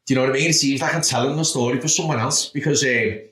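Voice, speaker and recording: With a roomy echo around him, a Liverpool man in his thirties speaks as a podcast guest, racing through blunt, profane stories of his past. He keeps asking "do you know what I mean," in a medium-pitched voice that's a bit bright.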